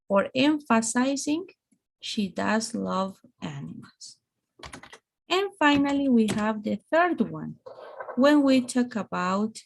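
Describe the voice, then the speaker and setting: Female English teacher, slow gravelly delivery, online class. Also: fairly high pitch, slight background noise. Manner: slow, explaining with examples. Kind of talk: online grammar lesson.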